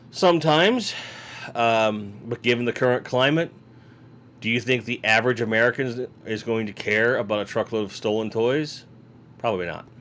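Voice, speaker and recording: In a home room with toy shelves behind him, a yawning man hosts a live toy-collecting show, rambling casually and reading viewer comments aloud. His voice is mid-range and fairly bright, with slight background noise.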